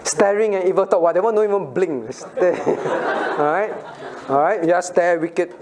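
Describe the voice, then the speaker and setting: A middle-aged male pastor leads a children's Bible lesson in a high-pitched voice at a moderate pace, with crowd noise in the background. He asks questions, laughs often, and acts out little scenes.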